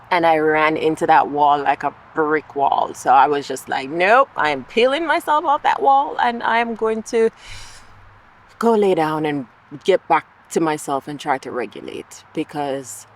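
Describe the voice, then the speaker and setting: A woman's voice: low voice, rough recording. Candid woman talking through her feelings. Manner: occasional swearing. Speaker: vlogger. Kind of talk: casual vlog monologue.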